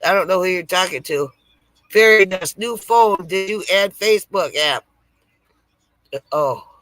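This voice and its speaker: A woman with a low-leaning, fairly bright and expressive voice takes her time as she hosts a laid-back live stream near a lake, reading comments aloud, chatting with viewers and laughing at her own jokes. The recording is dry and the audio poor.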